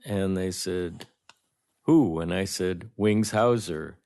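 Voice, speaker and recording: A man, a guest film director, telling anecdotes in a lively way and acting out the lines of the people in them. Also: low voice, takes it slowly, vocal fry. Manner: animated storyteller, acts out dialogue. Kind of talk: anecdotal storytelling.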